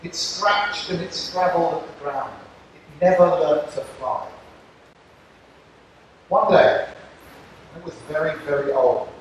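Older man telling a slow campfire story. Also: fairly high pitch, a little hiss or hum. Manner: slow, measured, deliberate. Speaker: speaker addressing scouts. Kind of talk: speech with storytelling. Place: outdoors at a campfire gathering. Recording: distant mic, echoey with long reverb.

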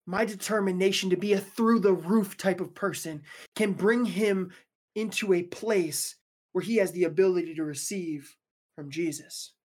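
A woman's voice: lowish voice, moderate pace, a little mellow. A woman preaching a casual sermon, talking conversationally with joking, slangy asides.

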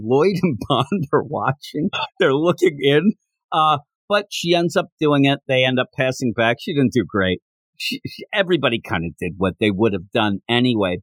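A podcast host with a mid-range voice and no echo chats casually while recapping a manga chapter. He's an animated storyteller, acting out the characters' lines as he retells it.

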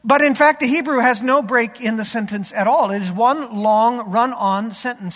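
Male preacher, high voice, emphatic delivery that falls quiet at phrase ends, echoing through a big hall. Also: normal speed. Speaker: pastor. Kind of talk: sermon.

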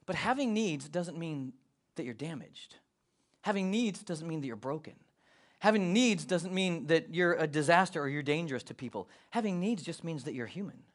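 A man's voice: a little high, animated, normal speed. A male pastor preaching a casual, joking sermon with emphatic delivery.

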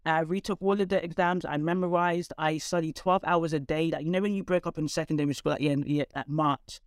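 A woman, a guest telling her life story in conversation, candid and animated with quick asides. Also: sits low, dry recording, studio quality. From London, England.

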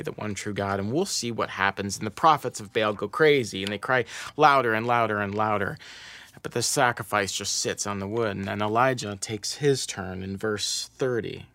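A pastor preaching a Sunday sermon, retelling a scripture story and reading passages aloud with rising emphasis. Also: male voice, on the low side, normal speed, creaky, fairly bright tone, no echo.

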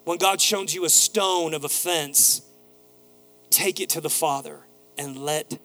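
A man's voice: on the high side, steady tone, slow pace, pushed and bright, soft background music. Male pastor preaching with emphatic repetition. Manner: preaching with emphatic repeated phrases, quoting a neighbor in a casual voice. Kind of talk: sermon. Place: church sanctuary.

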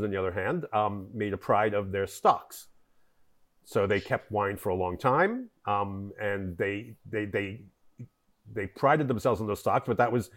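A man, a wine importer, talking as a podcast guest and explaining history at length, with many fillers and restarts. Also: fairly low pitch. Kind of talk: conversational interview.

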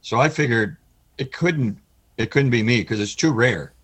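Husky middle-aged man, halting and earnest. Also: medium pitch, a bit bright. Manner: halting, earnest, pauses often. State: voice cracks with emotion. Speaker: interview guest. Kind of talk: candid personal interview.

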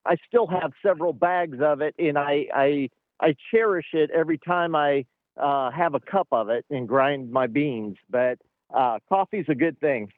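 A middle-aged man calling in by phone as a traffic reporter, chatting in an easygoing, halting way. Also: on the high side, no room sound. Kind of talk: casual chat on air. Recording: tinny phone line.

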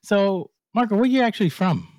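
A man's voice: sits high, animated, a little fast, a little mellow, no echo, studio quality. A man hosting an interview show, chatting casually, laughing often and stumbling when reading from notes. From United States. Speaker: podcast host.

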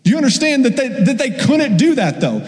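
A man preaches in a high, light voice, bouncing into little acted voices for the people in his story. His words ring out with a long reverb that hangs in the hall. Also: big pitch swings, brisk. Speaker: pastor. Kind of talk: sermon.

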